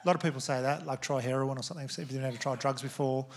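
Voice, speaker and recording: A man's voice: mid-range voice, steady tone, very fast. A man with an Australian accent doing a stand-up comedy set, laid-back and laughing through his lines.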